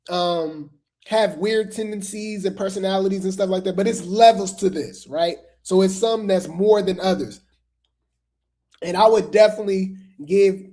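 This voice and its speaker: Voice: mid-range voice, mellow. Casual gossip host, mid-range voice, talks straight to camera with lots of asides. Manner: chatty, repeats phrases, gossipy asides to viewers. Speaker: commentary host. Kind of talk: casual drama commentary.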